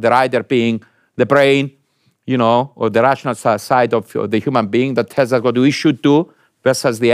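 In a clean, studio-quality recording without echo, a man lectures an audience. He asks them questions and drives his points home emphatically, his pitch rising.

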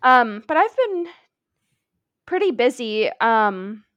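Wry American woman, higher voice. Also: very animated, takes it slowly, fairly bright tone, no echo, muffled recording. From Omaha, United States. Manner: wry, laid-back, self-mocking. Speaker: podcast co-host. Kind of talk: casual podcast chat.

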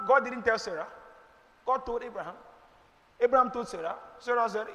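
A middle-aged Nigerian-accented pastor answers questions in church, preaching in an emphatic, rhetorical way punctuated by sudden loud bursts. His voice is extremely high, his pace brisk, and he pauses often. The recording has a big-room sound.

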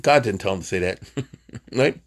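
A man's voice: lowish voice, lively intonation, moderate pace. A man teaching an informal Torah class, chatty, with joking asides and Hebrew terms.

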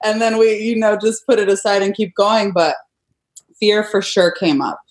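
A young adult woman speaking as a guest in an easygoing conversation. Her voice sits at an ordinary middle pitch, and she tells her story earnestly and with animation. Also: fairly even intonation, normal speed.

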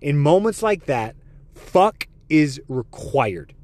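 Male podcast host, profane and excitable, lively pitch. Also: slow, dry recording. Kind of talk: comedic podcast monologue.

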